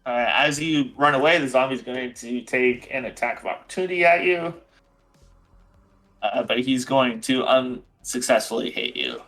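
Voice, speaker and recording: Bright-voiced male game master. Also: medium pitch, normal speed, soft background music, low-quality recording. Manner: casual, fillers, counting out dice rolls. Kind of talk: narrating a tabletop game.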